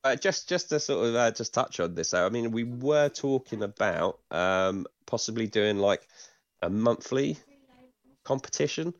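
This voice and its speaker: A man's voice: mid-range voice, lively intonation, measured pace, no echo, muffled recording. A man co-hosting a podcast, chatting casually with lots of fillers, restarts and casual swearing. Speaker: podcast co-host. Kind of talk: casual chat.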